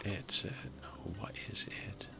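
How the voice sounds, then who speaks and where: Whispering and speaking slowly, a man streams a strategy game and chats casually at a desk microphone. He tells a rambling story and laughs at it himself.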